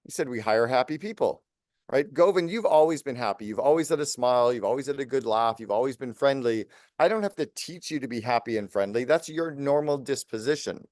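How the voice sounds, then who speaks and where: A man in his late fifties, a business coach speaking as a podcast guest, talking fast and energetically in long lists. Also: mid-range voice, darkish tone, dry recording, studio quality. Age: 50s. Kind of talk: podcast interview.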